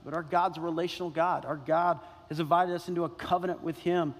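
High-voiced pastor preaching in a reverberant hall. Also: male voice, fairly even intonation, brisk. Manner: emphatic, repeats key phrases, asks the congregation questions. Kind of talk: sermon. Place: church sanctuary. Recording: long reverb in a large hall.

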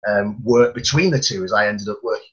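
A man's voice: lowish voice, fairly quick, muffled recording. A man who works as a football commentator, talking earnestly about his job and often repeating words as he starts a sentence. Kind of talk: casual chat.

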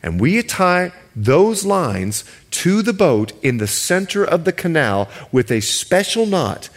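A male pastor from the Bahamas preaching a sermon. He stretches key words slowly for emphasis and jokes with the congregation. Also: fairly high pitch, very animated.

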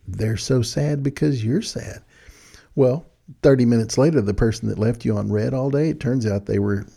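An older man giving friendly, animated advice to young people in a folksy storytelling manner. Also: mid-range voice, creaky, slightly rough. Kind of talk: casual talk.

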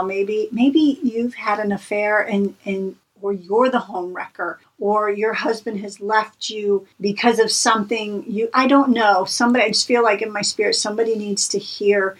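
A woman's voice: mid-range voice, fairly even intonation, normal speed, few pauses, far from the mic, poor audio. A woman co-hosting a Christian podcast who speaks earnestly with a preacherly tone and repeats phrases for emphasis. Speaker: podcast co-host. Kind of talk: encouraging devotional talk.

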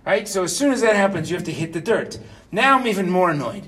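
A man's voice: high-pitched, very animated, fast talker, fairly bright tone, far from the mic. A man of fifty telling a personal story to listeners in a chatty way, often checking in with "right?". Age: 50s. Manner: chatty, keeps asking "right?". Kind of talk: personal anecdote told to listeners.

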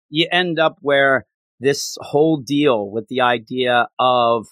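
A man co-hosting a casual podcast chat, talking animatedly and acting out characters' lines in quick bursts. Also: medium pitch, steady tone, fairly bright tone, dry recording. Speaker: podcast co-host.

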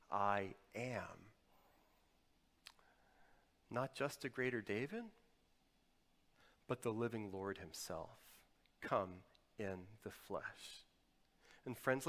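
A male pastor delivers a sermon with real dynamic sweep, rising to forceful emphasis and then dropping to hushed, close tones. His voice rings out through a long, lingering hall reverb, as in a church sanctuary. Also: mid-range voice. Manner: dynamic, swings from loud emphasis to quiet intimate tones.

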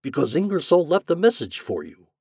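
A man voicing a scheming, chubby male propaganda chief in an audiobook story, pushy and persuasive, pitched a little higher than his narration. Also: wildly swooping pitch, a little fast, darkish tone, breathy edge, dry recording, studio quality, heavily acted. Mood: persuading.

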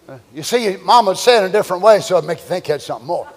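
An older man preaching a sermon, swinging between loud shouting and quiet storytelling. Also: sits high, lively intonation, rapid-fire, few pauses, long reverb tail. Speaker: pastor.

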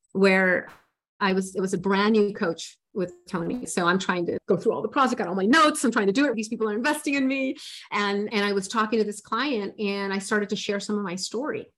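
Woman, forties, life coach in an interview. Earnest and spiritual, retells her own story with feeling and many restarts. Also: mid-range voice.

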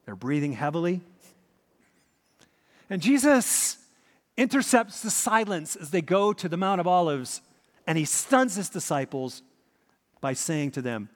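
Animated preacher in a reverberant church. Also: male voice, a little high, unhurried, long pauses. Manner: dramatic, vivid storytelling with repeated key points. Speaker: pastor. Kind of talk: sermon.

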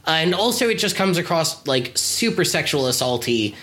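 A woman's voice: low-pitched, sing-song, normal speed, fairly bright tone. A woman co-hosting a podcast, chatting casually and bluntly criticizing a TV episode, laughing often. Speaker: podcast co-host.

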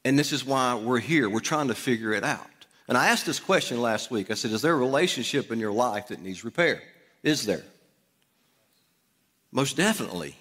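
A middle-aged pastor shares a personal story in an easygoing, conversational sermon, his ordinary-pitched, slightly bright voice echoing with long reverb in the church sanctuary. He speaks at normal speed with lively intonation.

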